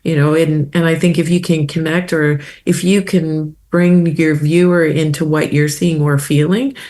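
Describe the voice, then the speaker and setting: A woman from Canada, a wildlife photographer, talking as a guest in a casual interview, animated and emotional, laughing often. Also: deep voice, normal speed.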